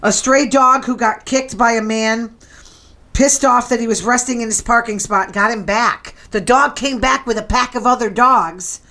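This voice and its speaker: A woman hosting a show in casual chat, sassy and quick to tease. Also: on the high side, fairly even intonation, bright, forceful tone. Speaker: show host.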